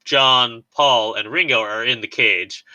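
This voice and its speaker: Podcast co-host, male, chatty and rambling, very bright voice, mid pitch. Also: unhurried, rough recording. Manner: rambling, laughs often, lots of "like" and restarts. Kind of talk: casual chat recapping a film.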